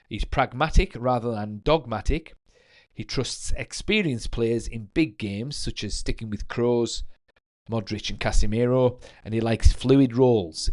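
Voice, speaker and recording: A man with a medium-pitched, darkish voice hosts a late-night football livestream in a casual tone. He reads out notes and viewer comments, adding chatty asides.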